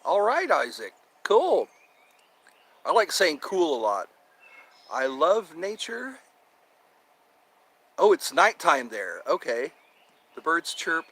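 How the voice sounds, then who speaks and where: A man's voice: a little high, big pitch swings, slow, long pauses, sharp tone. A man hosting a casual live stream outdoors, cheerful and chatty, repeating himself as he greets viewers. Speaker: livestream host. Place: outdoors in nature with birdsong. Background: birds chirping.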